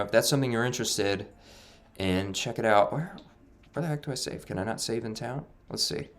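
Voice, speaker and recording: A man casually commentating his own playthrough of a video game, relaxed and somewhat monotone. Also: medium pitch. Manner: relaxed, laid-back, self-described monotone. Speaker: gaming channel host. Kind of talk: casual let's-play commentary. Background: faint game music.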